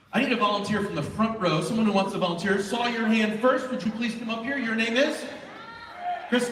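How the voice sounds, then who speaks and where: A man presenting to a large live student audience in an auditorium, energetic and animated as he directs the crowd. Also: extremely high pitch, heavy background noise. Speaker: event presenter. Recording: echoey hall, voice from far off.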